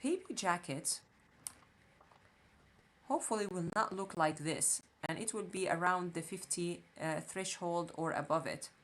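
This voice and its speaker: A woman's voice: on the low side, unhurried. Woman thinking aloud in a screen tutorial. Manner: thinking aloud, frequent fillers and restarts. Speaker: online marketing instructor. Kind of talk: screen-share tutorial walkthrough.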